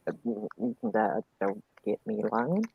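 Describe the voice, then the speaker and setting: A woman's voice: very deep voice, sing-song, extremely slow, gravelly, husky, no echo. A woman on a panel talking casually. She describes things earnestly and often repeats words. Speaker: panel guest. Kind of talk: casual chat. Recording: dull dry sound.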